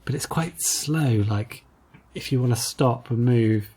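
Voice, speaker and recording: A man's voice: medium pitch, measured pace, mellow, husky. A man co-hosting a podcast, chatting casually about retro games in a rambling, hesitant way with lots of fillers. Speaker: podcast co-host.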